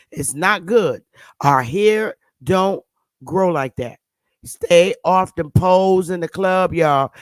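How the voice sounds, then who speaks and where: A woman with a lowish voice speaks slowly on her channel, offering blunt, sarcastic commentary on pictures and scolding her viewers. There's no echo.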